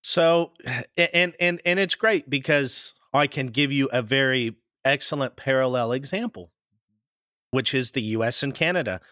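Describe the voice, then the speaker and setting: A man's voice: medium pitch, moderate pace, sharp tone, dry recording. Man, new zealand accent, rambling storyteller, dry close sound. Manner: rambling, anecdotal, with many restarts. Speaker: guest. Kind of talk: casual interview chat.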